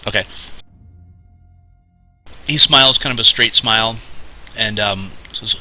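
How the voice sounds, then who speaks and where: A man narrating a tabletop game as game master, halting with fillers and restarts. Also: lowish voice, bright, forceful tone, faint music behind, rough recording.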